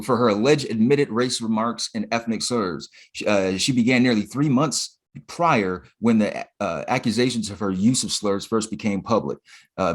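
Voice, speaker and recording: A man co-hosting a podcast, recapping in laid-back, profane casual chat with plenty of fillers. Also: fairly low pitch. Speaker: podcast co-host.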